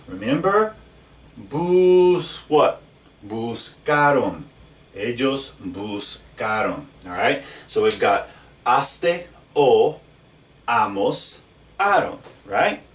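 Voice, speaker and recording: Man, Spanish teacher, slow deliberate classroom lesson, echoey room, mic far off. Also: medium pitch. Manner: slow, patient, checks in with "okay?" and "right?". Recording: roomy echo, mic at a distance.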